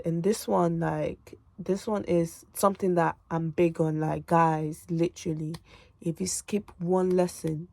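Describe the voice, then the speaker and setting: A woman's voice: lowish voice, mellow, dry recording. A young woman, chatting casually to camera from her bedroom, emphatic and repetitive, tired from revision. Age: late teens. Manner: emphatic and repetitive, calls viewers babes and girl. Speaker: student vlogger. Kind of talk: casual direct-to-camera chat.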